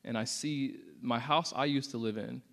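A man's voice: medium pitch, normal speed, vocal fry. A young man giving a casual, earnest testimony to a church audience, with many fillers. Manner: casual and earnest, many "like" fillers, acts out quotes with rising intensity. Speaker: speaker sharing a testimony.

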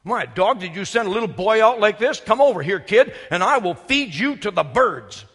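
A man voicing a huge, boastful giant warrior who mocks his opponent loudly. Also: sits high, expressive, a little fast, husky, long reverb tail, exaggerated voice. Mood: taunting. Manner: taunting, loud.

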